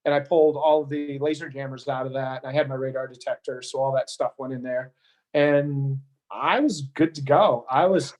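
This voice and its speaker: A man's voice: mid-range voice, steady tone, moderate pace, a little mellow. A man being interviewed, telling a story casually with frequent restarts and repeated words. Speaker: interview guest.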